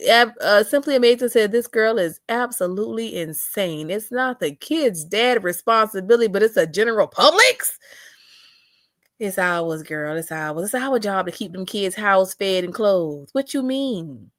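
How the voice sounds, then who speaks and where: A woman's voice: medium pitch, moderate pace, few pauses, no room sound, studio quality. A young adult woman hosting a casual livestream, reading chat comments aloud with sassy drawling asides.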